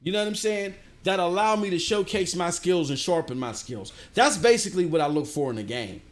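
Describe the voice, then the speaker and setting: A middle-aged man streaming games, ranting and answering his chat in an animated way. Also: sits high, fairly quick. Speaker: gaming streamer. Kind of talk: livestream commentary, answering chat.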